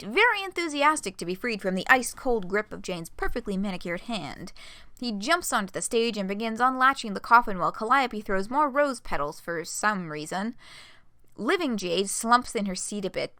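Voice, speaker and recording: Excitable young woman reading aloud, bright and lively. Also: mid-range voice, normal speed, dry recording. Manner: excitable, swears a lot, laughs often, fan gushing between passages. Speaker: streamer reading a fan story aloud. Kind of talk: live-streamed read-aloud with commentary.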